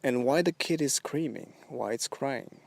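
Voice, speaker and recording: A man hosting a solo podcast, musing in a rambling, halting way with drawn-out phrasing. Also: medium pitch, lively intonation, vocal fry. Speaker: podcast host. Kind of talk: solo philosophical monologue.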